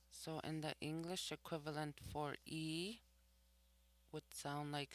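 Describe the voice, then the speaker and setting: Slow, flat-voiced language teacher. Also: medium pitch. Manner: slow and deliberate, repeats each word twice; explains each word's meaning after saying it. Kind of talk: recorded vocabulary lesson.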